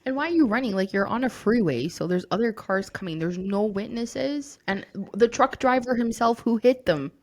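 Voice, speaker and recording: Young woman asking skeptical questions. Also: on the high side. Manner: quick to question and poke holes. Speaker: podcast co-host. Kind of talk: casual chat.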